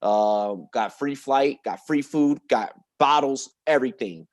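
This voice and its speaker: A man recounting a story on a podcast, casual and full of swearing. His voice sits at an ordinary middle pitch. He gets worked up and laughs through the telling. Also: unhurried. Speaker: podcast guest.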